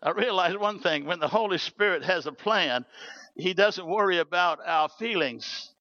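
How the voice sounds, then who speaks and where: Give me an animated New Zealand preacher telling stories, with a bright, tense voice and a dull recording. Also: male voice, high-pitched, moderate pace, no room sound. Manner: animated, storytelling with acted quotes. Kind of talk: sermon storytelling.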